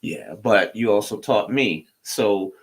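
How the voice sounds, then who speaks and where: A man's voice: on the low side, slow pace, breathy edge. A man co-hosting a show in loose, rambling, playful chat with his wife. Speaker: co-host. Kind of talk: casual chat.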